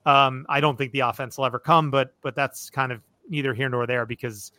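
Bright-voiced man hosting a casual podcast. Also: mid-range voice, fairly even intonation, a little fast, dry recording. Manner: thoughtful, analytical, many fillers and restarts. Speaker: podcast host. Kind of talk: casual chat.

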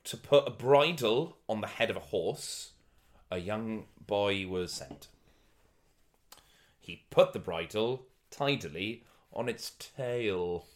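A man's voice: fairly low pitch, expressive, slow pace. A man from Wales with a Welsh accent, chatting on a podcast and reading verses aloud with comic emphasis. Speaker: podcast guest. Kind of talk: casual podcast chat.

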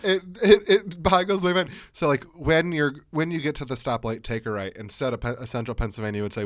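A man's voice: a little high, a little fast, few pauses, dry recording. A man co-hosting a podcast in casual chat, rambling and often correcting himself as he goes. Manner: rambling, hesitant, self-correcting. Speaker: podcast co-host.

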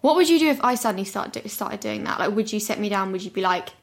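A woman's voice: mid-range voice, lively intonation, fast. A young woman co-hosting a podcast, reading out a listener's letter and chatting casually with lots of "like". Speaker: podcast co-host.

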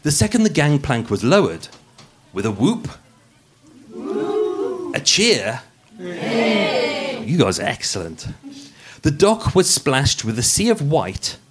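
A man's voice: a little high, big pitch swings, a little slow, pauses often, breathy edge. A man with a Birmingham accent hosting a live true-crime podcast, narrating with jokes and frequent stumbles over words. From England. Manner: jokey, self-deprecating, stumbles over words. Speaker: podcast host. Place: room with a live audience.

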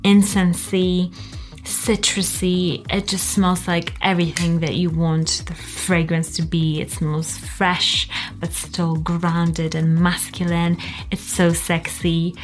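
A woman's voice: lowish voice, level tone, slow pace, faint music behind. A young woman doing a casual countdown review of fragrances, talking in a gushing, enthusiastic way with lots of fillers.

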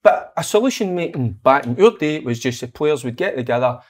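A man's voice: medium pitch, fairly quick. A Scottish man, a podcast co-host and former player, chatting, telling stories and reading out a sponsor spot. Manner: animated storyteller, swears freely. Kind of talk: casual banter, reads sponsor ad.

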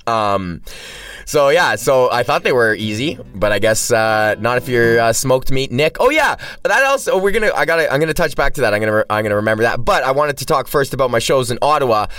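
A man's voice: mid-range voice, expressive, a little fast, a bit bright, clean tone, no room sound. Man, stand-up comedian hosting a solo podcast, rambling rant, heavy swearing, distant cheap mic. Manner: rambling, heavy swearing, frequent self-restarts. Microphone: cheap mic, set back from the speaker. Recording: distant, dry sound from a poor mic.

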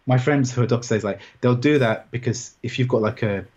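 Husky man telling his story haltingly. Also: medium pitch, a little mellow. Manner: halting, rambling, many restarts and "like"s. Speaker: interview guest. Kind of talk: personal story in conversation. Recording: dull, muffled sound.

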